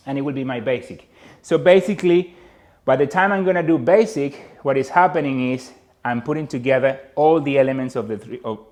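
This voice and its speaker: A man teaching a dance lesson with a Latin American Spanish accent, counting steps aloud and repeating cues. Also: mid-range voice. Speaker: dance instructor.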